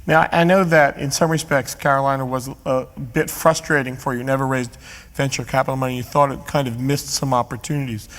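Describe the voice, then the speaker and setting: A man's voice: medium pitch, steady tone, brisk, fairly bright tone. A man hosting a live interview event, giving a formal, scripted introduction and asking questions. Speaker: interview host. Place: lecture hall with audience. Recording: long hall reverb.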